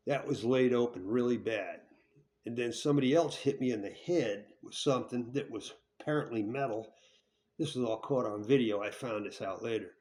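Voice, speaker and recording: A man tells a hard story from his own past, blunt and profane, rambling, restarting sentences and checking in with "right?" again and again. His voice is mid-range with a darkish tone.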